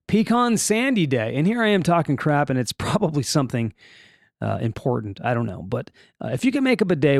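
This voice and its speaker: A male podcast host in casual solo mode, reading trivia and news headlines and breaking off into joking, rambling asides. His voice sits a little high and swings widely in pitch. The sound is close and dry, with no room around it. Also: darkish tone, no room sound. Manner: jokey, rambling asides, restarts and mispronunciations.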